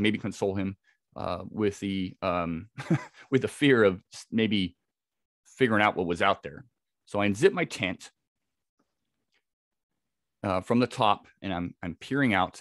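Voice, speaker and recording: A man's voice: lowish voice, fairly bright tone, no room sound, studio quality. A man, a podcast guest, telling a vivid first-person encounter story with frequent restarts. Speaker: podcast guest, Bigfoot researcher.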